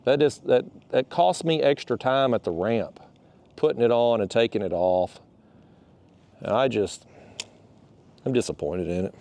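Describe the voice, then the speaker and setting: A man's voice: mid-range voice, animated, measured pace, warm tone, dry recording. A man talking casually while fishing from a kayak outdoors, rambling and a bit out of breath. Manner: rambling, restarts, folksy phrasing. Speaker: fishing vlogger.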